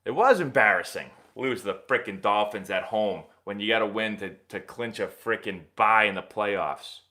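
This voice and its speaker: A young man hosting a casual live stream, answering viewer questions in a rambling, animated sports-fan way. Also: on the low side, normal speed. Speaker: host of a live baseball Q&A stream.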